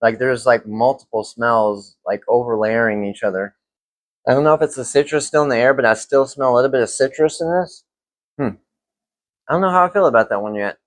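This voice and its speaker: A young man reviewing fragrances in a casual vlog, relaxed and rambling with lots of fillers. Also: medium pitch, brisk, no echo.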